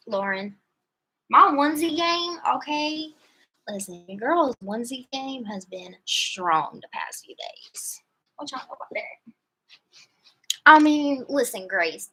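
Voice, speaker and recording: Woman doing a chill tarot livestream from a hotel room, kinda high bright voice, slangy n playful. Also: low-quality recording. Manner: playful, slangy, chatty, laughs often. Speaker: live-stream tarot reader. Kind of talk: casual live-stream chat with viewers.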